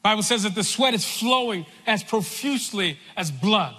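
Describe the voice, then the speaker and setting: A man preaching a sermon in a large church, slow and deliberate, repeating phrases for weight. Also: high-pitched, expressive, bright, forceful tone, big-room sound.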